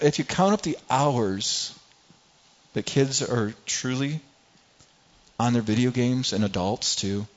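A man's voice: lowish voice, highs cut off. A middle-aged man preaching a sermon in a conversational way, often repeating words and acting out everyday people. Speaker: pastor.

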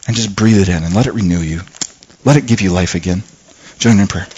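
A man preaching a sermon in an earnest, halting way, often restarting his words and dropping soft when he prays. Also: sits low, breathy edge.

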